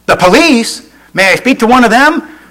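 A man's voice: big pitch swings, normal speed, a bit bright, full character voice. A man playing a male telemarketer on the phone who grows more alarmed with every question. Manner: increasingly alarmed, high-pitched questioning. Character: frantic adult male telemarketer.

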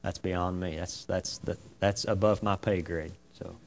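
A man's voice: deep voice, measured pace. Folksy man teaching a Bible class. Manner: folksy and animated, asks the group many questions.

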